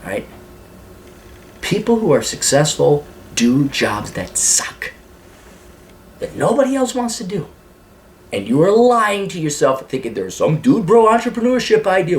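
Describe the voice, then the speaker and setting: A man's voice: on the high side, very animated, measured pace, pauses often. A man hosting a podcast, giving blunt, rambling, profane advice with frequent laughs.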